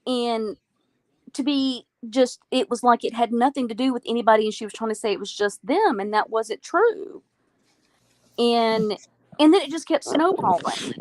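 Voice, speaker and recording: Woman, higher voice, frustrated and emphatic, dry recording. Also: lively intonation, dry recording, rough recording. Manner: frustrated, emphatic, drawn-out stresses. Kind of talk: casual chat about online drama.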